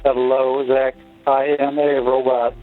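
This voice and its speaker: A man on a phone line putting on a stiff robot butler voice, talking flat and halting. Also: medium pitch, soft background music, close to an everyday voice. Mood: monotone. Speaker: caller.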